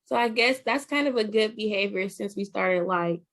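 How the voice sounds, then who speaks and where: A woman's voice: medium pitch, normal speed. A woman, an aunt, chatting casually and telling a family story, acting out the quoted lines. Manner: storytelling with lively quoted voices. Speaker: group discussion participant, aunt. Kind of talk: casual chat.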